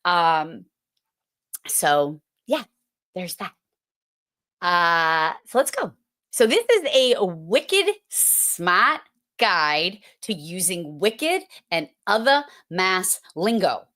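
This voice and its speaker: A woman's voice: fairly low pitch, sing-song, extremely slow, pushed and bright. A middle-aged woman, a host telling stories and giving a playful, chatty talk. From Massachusetts. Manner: storytelling, playful and chatty, with filler words. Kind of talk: casual presentation.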